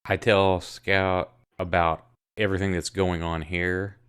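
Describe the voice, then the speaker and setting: A man playing a tabletop game, laying out his plans step by step. His voice is very deep and smooth. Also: little pitch movement, a little slow, fairly bright tone. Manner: planning aloud, methodical. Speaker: player. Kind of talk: casual game talk.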